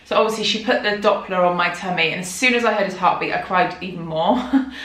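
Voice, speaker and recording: A woman's voice: fairly low pitch, fast talker, fairly bright tone. A heavily pregnant woman, candidly talking a vlog audience through her worries in a rambling, chatty way. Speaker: vlogger. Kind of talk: chatty personal storytelling. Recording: roomy echo.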